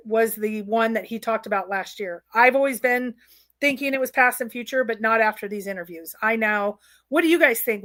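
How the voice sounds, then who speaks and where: Eager high-voiced woman co-host. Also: pushed and bright, dry recording. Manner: eager, analytical, quotes others animatedly. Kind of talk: casual chat.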